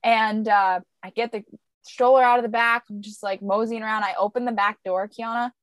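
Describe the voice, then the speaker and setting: A young woman co-hosting a podcast, telling a lively story about her baby in casual chat with animated, expressive delivery. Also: fairly quick, dry recording. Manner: animated storyteller, squeaky voices for quoted baby. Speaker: podcast co-host; young mother.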